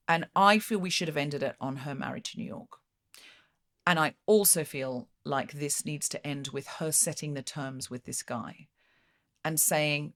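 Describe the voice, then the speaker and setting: Woman podcast host, pretty low voice, chatty, acts out bits of dialogue. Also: moderate pace. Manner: animated, acts out lines in put-on voices. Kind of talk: casual chat.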